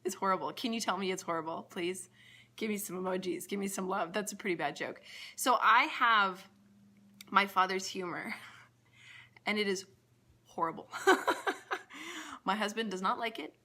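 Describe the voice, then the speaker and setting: Bright-voiced, animated woman coach. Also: medium pitch, moderate pace, long pauses. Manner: animated, laughing at her own jokes. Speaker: entrepreneur mindset coach. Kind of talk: casual motivational vlog.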